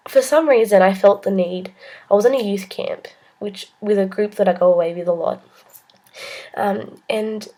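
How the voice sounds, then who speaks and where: A young woman with an Australian accent speaks to camera in a vlog, sharing a personal story. Her voice is mellow and warm, sitting at an ordinary pitch for a woman. She talks earnestly and haltingly, with frequent ums and restarts. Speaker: vlogger.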